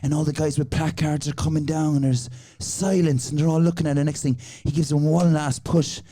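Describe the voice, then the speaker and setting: Male improv storyteller, mellow, animated, slips into voices. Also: a little high, a little fast. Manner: rambling, animated, acts out voices. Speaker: improv comedy podcast guest.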